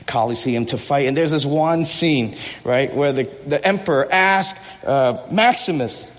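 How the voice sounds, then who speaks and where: High-pitched energetic pastor in a reverberant church. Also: male voice, measured pace. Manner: animated, energetic, acts out movie speeches with rising intensity; jokes with the congregation and repeats himself. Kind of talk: sermon. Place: church hall.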